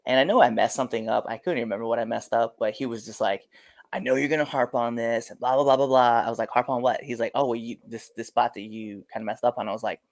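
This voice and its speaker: A man's voice: medium pitch, quick pace, creaky, no room sound. A man with a mid-range voice tells wrestling stories in a loose, casual way. He acts out the lines of others as he goes. The sound is dry, with no room in it. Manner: animated storyteller, acts out quotes. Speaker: professional wrestler. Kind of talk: casual interview storytelling.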